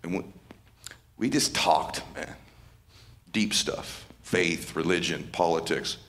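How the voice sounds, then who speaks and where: A middle-aged man giving an emotional stage speech as a motivational speaker, casual and slangy, dropping to a hushed voice in tender moments. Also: deep voice, takes it slowly. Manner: casual and slangy, calling people dude and man. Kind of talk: emotional speech to a live audience. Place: stage at a live event.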